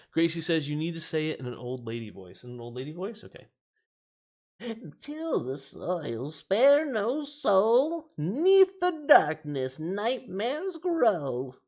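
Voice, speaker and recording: Chatty man opening card packs. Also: mid-range voice. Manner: chatty, laughs often, reads cards and chat aloud. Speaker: host of a card-opening stream. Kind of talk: casual chat while opening card packs.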